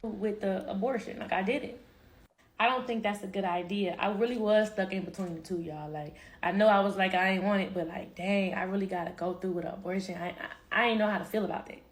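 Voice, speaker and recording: A woman's voice: medium pitch, steady tone, fast, hardly any pauses. A woman telling a personal story casually to a live-stream audience, chatty and direct. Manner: chatty, addresses listeners as y'all, quotes others.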